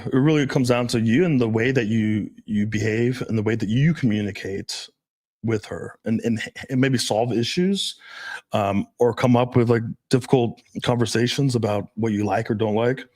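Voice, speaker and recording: Guy chatting on a podcast, mid-pitch voice, swears a lot, lots of likes and ums, laughs a bunch. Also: moderate pace, a little mellow. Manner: loose and profane, many fillers, laughs often. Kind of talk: casual podcast chat.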